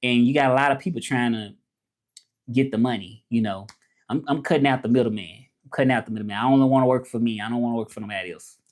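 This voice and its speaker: A man's voice: medium pitch, quick pace. A man with a Southern US accent hosts a casual livestream. His talk is loose and rambling. He answers viewers' comments as they come in. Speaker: livestream host and interpreter.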